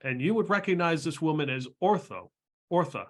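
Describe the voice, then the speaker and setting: A man's voice: on the high side, sing-song, brisk. A man narrating a tabletop game as game master, describing scenes in a rambling, hesitant way.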